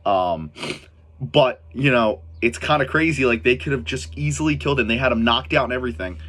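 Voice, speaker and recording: A man's voice: medium pitch, a little fast, a bit bright. A young adult man giving a casual, rambling episode review, full of fillers, self-corrections and swearing. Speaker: TV show reviewer.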